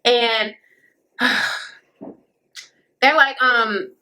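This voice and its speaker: A woman's voice: on the high side, fairly even intonation, drawn-out words, pushed and bright. A woman recapping a reality show in a blunt, profane rant, mimicking the people she quotes.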